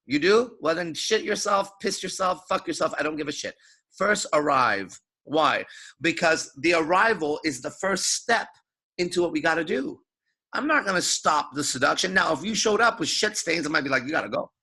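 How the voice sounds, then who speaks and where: A man's voice: fairly high pitch, expressive, moderate pace, pushed and bright, husky. A man coaching seduction in a crude, emphatic lecture, swearing constantly and acting out his own thoughts. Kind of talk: profane motivational lecture.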